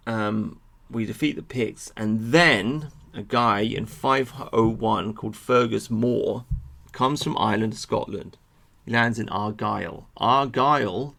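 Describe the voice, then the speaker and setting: Gravelly man ranting about history. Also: mid-range voice. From England. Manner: animated, sweary, addresses viewers with asides. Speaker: history vlogger. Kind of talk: ranting monologue to camera.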